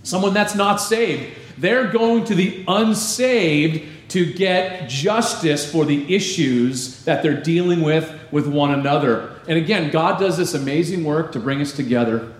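A man preaching a sermon as pastor, lively and emphatic, slowing down to read scripture aloud. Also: fairly high pitch. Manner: animated preaching, slows for scripture reading. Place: church. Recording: echoey church hall.

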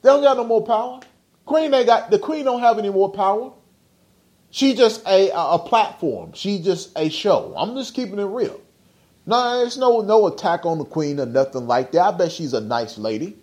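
Male podcast host with a high, animated voice who rants bluntly and profanely, firing off rhetorical questions. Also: normal speed. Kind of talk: casual podcast rant.

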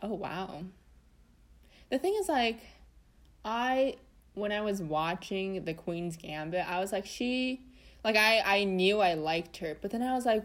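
A woman's voice: medium pitch, animated, a little slow. A young woman chatting casually on a podcast, rambling with many fillers. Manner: rambling, lots of "like" and "I don't know". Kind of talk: casual chat.

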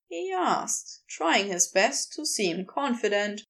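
A woman reading fan fiction aloud as narrator, slow, lingering and expressive. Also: medium pitch, vocal fry. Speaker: audiobook reader.

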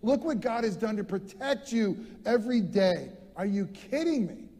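A male pastor preaching an animated sermon in a church, repeating words as he gets fired up. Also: high-pitched, moderate pace, long reverb tail.

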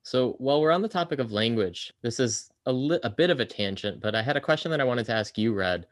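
A man's voice: medium pitch, animated, fast talker. A man in a casual chat who asks questions in an easygoing, curious way.

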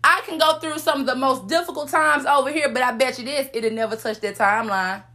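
Podcast host, woman; high-pitched, sassy, motivational preaching. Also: fairly quick, sharp tone. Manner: sassy, preachy, calls out to listeners with "honey" and "come on, somebody".

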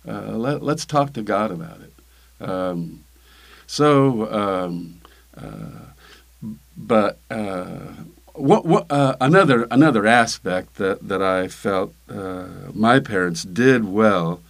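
An older man, a pastor, talking casually in an interview, halting with many fillers and restarts. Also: fairly low pitch, expressive, gravelly.

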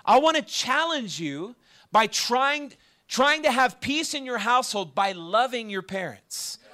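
A man with an extremely high-pitched voice preaches unhurriedly at a campus ministry gathering. He sounds conversational and animated, often turning to the audience with questions.

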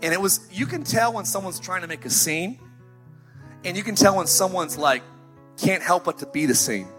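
A man in his thirties preaching a sermon as pastor, emphatic and story-driven with sighs and dramatic pauses. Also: high-pitched, expressive, fairly bright tone. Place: church sanctuary, live. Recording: faint music behind.

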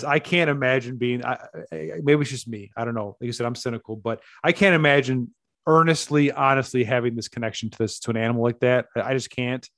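A podcast co-host chats casually in a medium-pitched, fairly bright voice, recorded dry and clean in a studio. He's blunt, swears freely, and laughs in the middle of his sentences.

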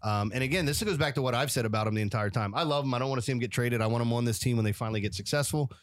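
A man's voice: medium pitch, racing, no room sound. A man co-hosting a casual podcast, talkative, laughing often and explaining baseball at length. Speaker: podcast co-host. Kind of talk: casual chat.

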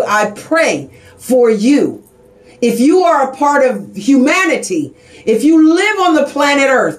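A middle-aged woman with a high voice delivers a fervent podcast monologue, pressing and exhorting her listeners. She is recorded in an echoey room. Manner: passionate, exhorting, emphatic. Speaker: advocate and journalist. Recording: roomy echo.

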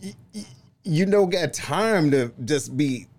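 A man hosting a live-streamed interview show, lively and excitable, shouting out viewers. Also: a little high, slow. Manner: lively, excitable, laughs loudly. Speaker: host.

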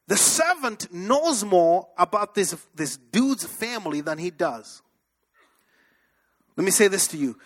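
A man's voice: sits high, sing-song, unhurried. A man preaching a sermon as pastor, emphatic and repetitive, with sudden bursts and drops in his delivery. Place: church service.

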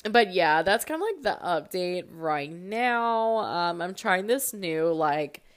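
A woman's voice: fairly low pitch, slow. A young woman in her twenties with a slightly stuffy nose, chatting casually as a podcast host and filling her talk with "like". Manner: chatty, lots of "like", animated asides. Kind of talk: casual chat.

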